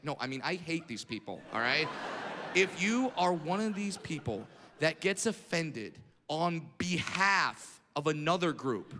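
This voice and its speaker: A male stand-up comedian on stage, ranting brashly with profanity and bursts of shouting. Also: a little high, expressive, unhurried, a loud crowd. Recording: echoey hall, audience noise.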